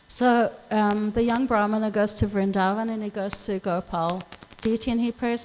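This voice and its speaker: A woman's voice: fairly high pitch, fairly even intonation, brisk, a little mellow, poor audio. A woman giving a scripture class in a temple, retelling a story casually and speaking each character's lines in her own voice. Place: temple hall.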